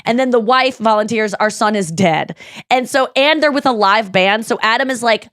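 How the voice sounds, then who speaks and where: A woman's voice: fairly high pitch, brisk, fairly bright tone, dry recording, clean studio sound. A woman hosting a podcast in casual chat, telling a story with energy, swearing freely and acting out quotes. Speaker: podcast host.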